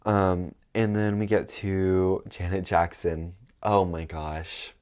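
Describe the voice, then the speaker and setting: A man's voice: sits low, flat delivery, slow pace, darkish tone. A young man vlogging in casual chat, rambling with lots of ums and likes, sounding stuffed up. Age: young adult.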